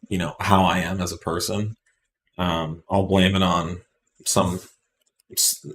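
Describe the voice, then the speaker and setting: A man talks in a very deep voice during a casual live Q&A. He speaks bluntly and rambles, full of fillers and restarts. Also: a little hiss or hum. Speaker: company representative hosting live Q&A.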